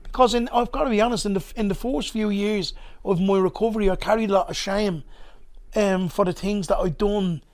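High-voiced Dublin man spinning a yarn. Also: fairly even intonation, a little fast, darkish tone. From Ballymun, Dublin, Ireland. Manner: rambling, loose, with many asides. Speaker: podcast guest, comedian. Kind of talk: conversational storytelling.

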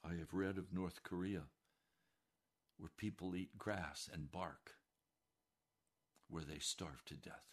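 A man preaching a sermon with passion, dropping to hushed warnings and rising to loud declarations. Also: deep voice, steady tone, takes it slowly, long pauses. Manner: impassioned, swings between hushed warnings and raised declarations.

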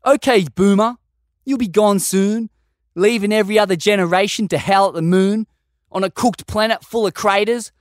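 Aussie bloke yelling a rhyming rant, heated, dry mic. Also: male voice, high-pitched, moderate pace, no echo. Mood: furious. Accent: Australian. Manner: loud, scornful, heated.

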